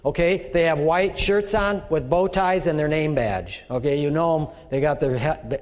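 High-voiced man preaching in a reverberant hall. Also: normal speed, darkish tone. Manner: conversational preaching, acts out quoted voices. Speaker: pastor. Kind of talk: sermon. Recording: echoey hall with long reverb.

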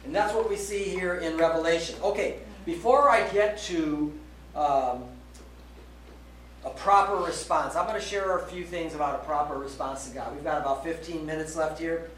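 A man delivers a sermon with a high, lifted voice, pausing to ask "okay?" and drawing out the words he wants to land. He sounds set back from the microphone in a reverberant room, with a faint ambient hum behind him. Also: a bit bright. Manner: emphatic, frequent "okay?" check-ins, slows down to stress key words. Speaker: preacher. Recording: roomy echo, voice from a distance, faint background ambience.

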